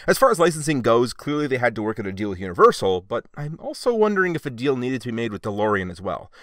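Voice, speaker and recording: A man's voice: medium pitch, big pitch swings, fast, no echo, studio quality. A man giving a casual, wry toy review with chatty, sarcastic asides.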